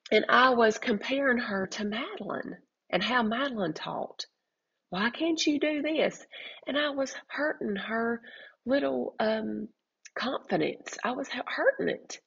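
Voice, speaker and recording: A middle-aged woman shares a heartfelt testimony on her faith-based parenting podcast, earnest and full of restarts. Her voice is husky with a gravelly edge. The recording sounds dull and lo-fi. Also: medium pitch. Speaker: podcast host.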